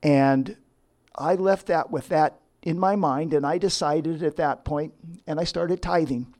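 A man's voice: on the high side, measured pace, darkish tone. A middle-aged man, a counselor, telling a personal testimony story with frequent restarts. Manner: storytelling, acts out quotes, self-interrupting restarts. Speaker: licensed professional counselor.

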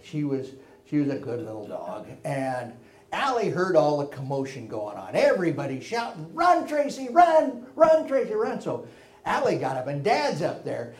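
A man telling a folksy personal story, with gentle chuckles and hushed tender moments. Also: on the high side, echoey room, slight background noise. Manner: folksy and warm, drops to a hush for tender moments. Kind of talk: personal anecdote told to listeners.

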